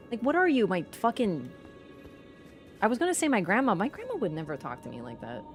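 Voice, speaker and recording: A woman livestreamer in casual chat, animated and teasing toward viewers and swearing casually. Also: on the high side, fast, faint music behind.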